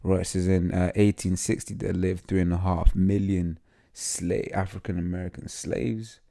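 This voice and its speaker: Deep gravelly guy preaching, lots of um and right?, kinda stumbly reading. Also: little pitch movement, dark tone. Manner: halting, many fillers and tag questions; reads text aloud haltingly. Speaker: lay preacher. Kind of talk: informal scripture teaching.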